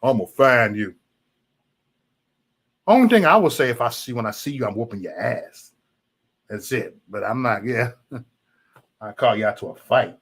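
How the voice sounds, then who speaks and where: Profane, animated male livestream host. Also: mid-range voice, moderate pace, breathy edge. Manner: profane, animated, mocking chat trolls. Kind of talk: ranting live-stream chat.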